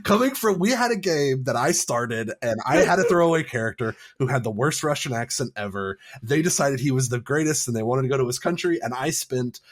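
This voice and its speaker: A man in casual podcast conversation, playful and rambling, full of fillers and restarts. His pitch is lively, rising and falling often as he talks. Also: fairly quick, hardly any pauses. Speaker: podcast co-host. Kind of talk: casual chat.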